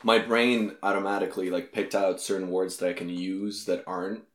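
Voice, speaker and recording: A man's voice: low voice, level tone, normal speed, echoey room. A man from Moldova with a Moldovan, Russian-speaking accent, joking frankly in casual chat.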